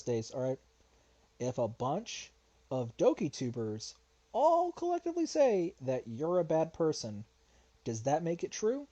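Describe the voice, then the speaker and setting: A man's voice: a little high, dark tone, highs cut off. A man giving reaction commentary in an argumentative, lecturing way, his voice getting worn. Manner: argumentative, lecturing, repeats "all right?". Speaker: commentary youtuber.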